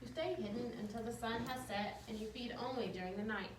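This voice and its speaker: A woman's voice: fairly high pitch, a little fast, natural voice. A woman reading aloud and voicing an eccentric, cheerful female teacher in a theatrical, mysterious way. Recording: echoey room, distant mic, faint noise.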